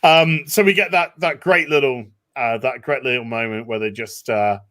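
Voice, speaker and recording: A man hosting a casual discussion, animated, acting out quotes. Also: medium pitch, normal speed. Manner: animated, acts out quotes in voices. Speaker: podcast host.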